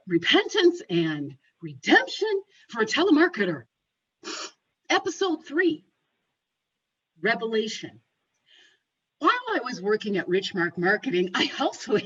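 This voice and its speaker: Animated, high-voiced woman telling stories. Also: dull audio, a little hiss or hum. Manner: animated, acts out the dialogue. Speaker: speaker at a speaking club. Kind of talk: humorous storytelling speech. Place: home, over a video call. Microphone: video call.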